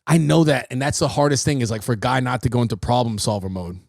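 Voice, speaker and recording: Gravelly-voiced man swearing through a livestream. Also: mid-range voice, fast talker, no room sound, clean studio sound. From New York City. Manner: animated storyteller, swearing freely. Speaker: podcast host. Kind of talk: casual livestream monologue.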